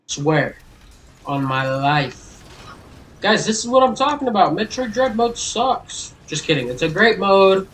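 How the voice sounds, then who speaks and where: A man giving loud, exasperated gameplay commentary as a gaming YouTuber. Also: high voice, very animated, a little slow, recorded from a distance, a little hiss or hum, rough recording.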